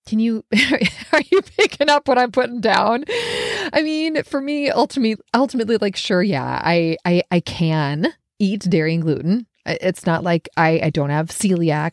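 A woman's voice: medium pitch, a little mellow, no room sound, studio quality. A woman hosting a solo podcast, talking in a reflective, conversational way with many fillers. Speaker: podcast host. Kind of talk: casual solo podcast talk.

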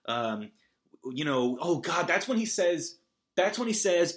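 A man's voice: on the high side, very animated, a little slow, fairly bright tone. A man talking through a film recap on his podcast, rambling and self-deprecating. His voice sits a little above the usual range for a man and jumps around wildly as he gets worked up. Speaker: podcast host. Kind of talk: casual movie recap.

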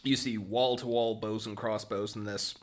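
A man's voice: on the low side, fairly even intonation, normal speed. A man narrating as game master on a tabletop game podcast, joking and rambling with restarts.

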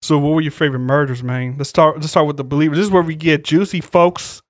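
A man's voice: on the high side, fairly even intonation, fast talker, dry recording, studio quality. A man hosting a podcast, recapping and rating a horror film in loose, slangy, profane chat. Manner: loose, slangy storytelling with side remarks. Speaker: podcast host reviewing horror films.

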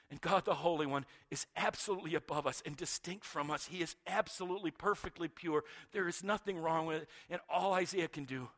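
Male pastor, high voice, dramatic sermon delivery with loud and hushed turns. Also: fairly quick. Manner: dramatic swings from loud to hushed, repeats words.

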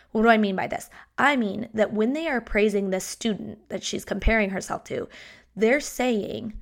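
A woman in her thirties, a teacher hosting a podcast, talking in a chatty, animated way and acting out quotes. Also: mid-range voice, gravelly. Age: 30s. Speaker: podcast host and language teacher. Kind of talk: casual podcast monologue.

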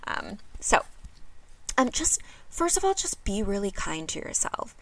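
A woman's voice: medium pitch, very animated, unhurried, fairly bright tone. A woman hosting a self-help podcast, talking earnestly and encouragingly to her listeners. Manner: casual with frequent fillers. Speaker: podcast host.

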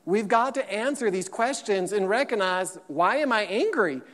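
A man's voice: sits high, normal speed. Emphatic male pastor in a reverberant hall. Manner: lively preacher, emphatic repetition, acted-out quotes. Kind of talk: sermon.

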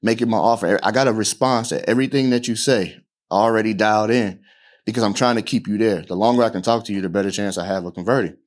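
A man's voice: fairly low pitch, quick pace. A man coaching a workshop audience on podcasting, talking casually and often checking in with "right?". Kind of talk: casual talk to a live audience.

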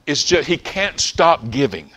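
A man preaching a sermon, excitable, often restarting phrases as he retells a story. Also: on the high side, measured pace, slightly rough. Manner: excitable, stumbling restarts, acts out scenes.

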